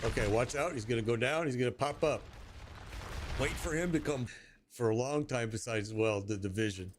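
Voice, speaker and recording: Streamer type, man in his sixties, easygoing gamer chat, mid-pitched, laughs a lot, clear background hiss on the recording. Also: moderate pace. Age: 60s. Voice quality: chuckling, storytelling, playful put-on voices for quotes. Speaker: game streamer. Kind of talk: casual chat while gaming.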